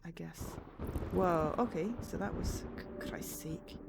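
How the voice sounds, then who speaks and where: A woman's voice: lowish voice, unhurried, very noisy. Woman streamer, casual game commentary, reads text aloud, jokey asides. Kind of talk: casual let's-play commentary.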